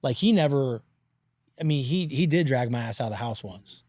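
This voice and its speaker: A man in his forties hosting a podcast, telling stories in a casual, animated way and swearing freely. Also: medium pitch, normal speed, dry recording, clean studio sound. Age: 40s. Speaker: podcast host. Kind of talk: casual interview chat.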